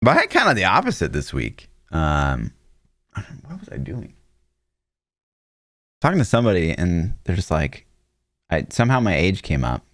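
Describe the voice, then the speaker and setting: A man in his thirties with a very low voice that swings widely in pitch, telling casual stories on a podcast and swearing freely. The sound is dry and close. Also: wildly swooping pitch, normal speed, long pauses, a bit bright, no echo. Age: 30s. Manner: loose, storytelling, swears freely. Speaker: podcast co-host. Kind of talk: casual chat.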